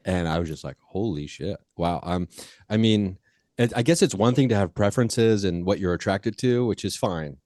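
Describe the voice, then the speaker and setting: A man's voice: lowish voice, animated, moderate pace, darkish tone, dry recording, studio quality. A man hosting a podcast, chatting casually in a rambling way with lots of fillers and restarts. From Ohio. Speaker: podcast host. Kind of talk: casual interview chat.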